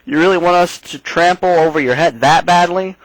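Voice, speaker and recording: A man's voice: a little high, fairly quick, dry recording, pitched above the performer's own voice, lightly acted, poor audio. A man voicing a scheming goblin boss, reading game dialogue aloud in a mocking, gloating way.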